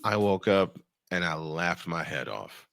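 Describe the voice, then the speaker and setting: Radio host guy, lively pitch, bright sharp tone, dry close sound, laughs a lot while telling stories. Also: vocal fry, dry recording. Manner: animated, laughing, quick bursts of speech. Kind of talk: storytelling in casual chat.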